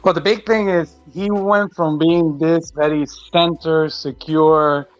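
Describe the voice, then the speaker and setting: A man joining a casual TV reaction chat as a guest, speaking quickly and easily. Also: fairly high pitch, fairly even intonation, dull audio, faint music behind. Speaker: guest panelist.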